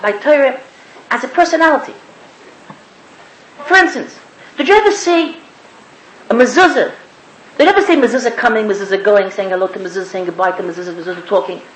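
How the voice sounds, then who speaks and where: A woman's voice: high-pitched, a little hiss or hum. A woman giving a spoken sermon, emphatic and repetitive, asking the listeners rhetorical questions. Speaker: speaker giving a religious talk. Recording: echoey room.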